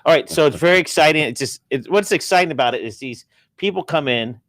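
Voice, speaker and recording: A male host in a casual chat, playful and teasing, jumping in with quick remarks. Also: a little high, lively intonation, fairly bright tone, no room sound.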